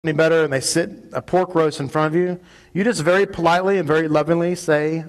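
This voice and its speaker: A man preaching a sermon in a synagogue, arguing emphatically and rising to loud peaks on key points. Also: fairly high pitch, fairly even intonation, quick pace. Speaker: rabbi.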